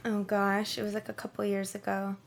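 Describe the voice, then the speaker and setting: A woman's voice: mid-range voice, monotone, brisk, creaky. A young woman chatting casually as an interview guest, filling her talk with "like" and acting out what she said. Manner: chatty, peppered with "like", acts out quotes. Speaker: guest, performer.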